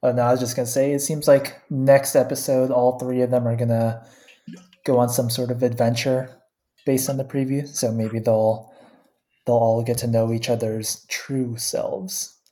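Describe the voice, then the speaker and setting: Mellow, laid-back co-host. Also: medium pitch, normal speed. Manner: relaxed, laid-back, laughs softly. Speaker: podcast co-host. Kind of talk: casual anime episode discussion.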